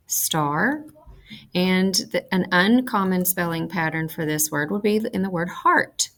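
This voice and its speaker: A woman teaching a phonics lesson, speaking slowly and carefully and enunciating each sound. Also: lowish voice, gravelly. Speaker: reading teacher.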